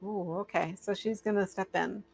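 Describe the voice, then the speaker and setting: A woman's voice: mid-range voice, fairly even intonation, normal speed, vocal fry, breathy edge, dry recording, faint music behind. Inquisitive woman playing a tabletop game. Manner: inquisitive, polite. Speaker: player.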